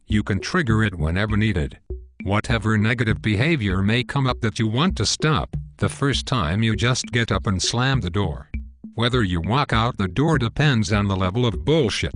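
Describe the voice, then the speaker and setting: A man giving a calm, matter-of-fact instructional monologue, explaining steps one by one. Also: lowish voice, normal speed, faint music behind.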